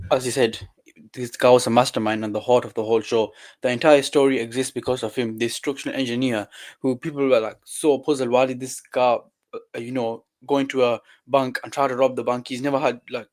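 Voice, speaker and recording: Fast-talking enthusiastic young man. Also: medium pitch, a little mellow. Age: young adult. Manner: enthusiastic, says "bro" often. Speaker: podcast co-host. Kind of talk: casual chat.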